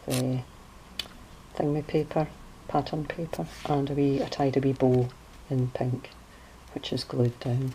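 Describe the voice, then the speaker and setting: A woman giving a casual craft walkthrough of her handmade journal, chatty and relaxed, often hunting for words and correcting herself. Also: deep voice, takes it slowly, slight background noise, rough recording.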